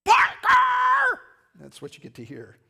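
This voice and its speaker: A man preaching a sermon in a conversational way, often restarting phrases and now and then breaking into loud shouted lines. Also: medium pitch, unhurried. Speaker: pastor.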